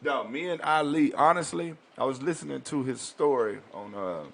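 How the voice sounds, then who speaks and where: A man's voice: mid-range voice, moderate pace, gravelly. A young man, a comedian, telling stories in a casual, laid-back drawl in a radio studio. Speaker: guest comedian. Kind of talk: casual storytelling.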